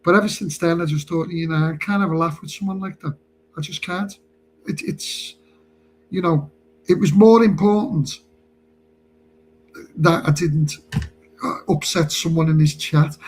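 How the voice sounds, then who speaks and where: A man's voice: high voice, moderate pace, long pauses, darkish tone, slight background noise, rough recording. A man telling a rambling story on a live stream, chatty and laughing as he goes.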